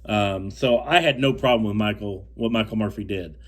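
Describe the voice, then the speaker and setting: A man's voice: fairly low pitch, moderate pace. A young man from the United States recounts a fishing trip in a casual, rambling way, restarting and repeating words, firm and indignant. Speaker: fishing co-angler telling a story. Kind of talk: casual storytelling to camera.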